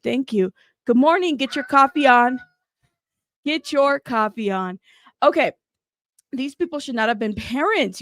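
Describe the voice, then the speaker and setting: A woman's voice: a little high, fairly bright tone, dry recording. A woman hosting a true crime news livestream, chatty and a bit out of breath, greeting her chat. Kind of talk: casual livestream commentary.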